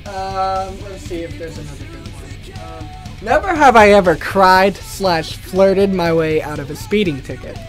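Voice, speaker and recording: A man's voice: sits high, big pitch swings, a little slow, faint music behind. A young man hosting a casual video, telling a rambling story and swearing freely. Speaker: gaming channel host.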